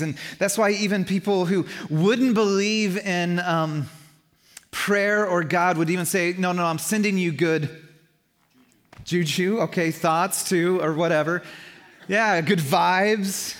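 A pastor with a slightly high voice delivers a chatty, animated sermon into a stage mic. His words ring out with a long reverb from the church hall around him. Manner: conversational, animated, laughing asides. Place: church hall with a live congregation. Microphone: stage mic through a house sound system.

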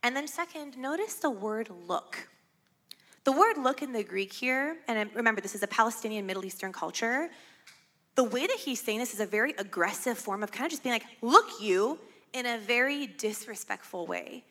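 A woman whose first language is Farsi delivers a sermon with a bright, clear tone. Her talk is conversational, often checking in with her listeners with a quick tag question. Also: fairly high pitch, expressive. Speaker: preacher. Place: church.

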